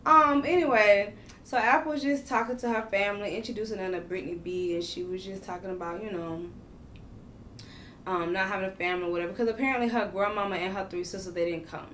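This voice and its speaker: A woman hosting a casual reality TV recap, talking in slangy, animated bursts with laughing exclamations. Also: mid-range voice, fast, recorded from a distance, slight background noise.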